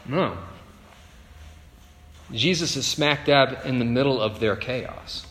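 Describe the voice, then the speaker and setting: A man delivers a sermon with a chatty, conversational touch, tossing quick "right?" questions to his listeners. His voice sits at an ordinary middle pitch. It rings out through a roomy hall with a long, trailing reverb. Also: a bit bright, a little hiss or hum. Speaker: pastor.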